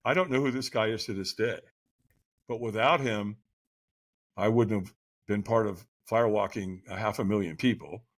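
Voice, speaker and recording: A man guest on a podcast, telling a personal story in an animated way, often checking in with a quick "right?". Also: lowish voice. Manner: lively, keeps asking "right?".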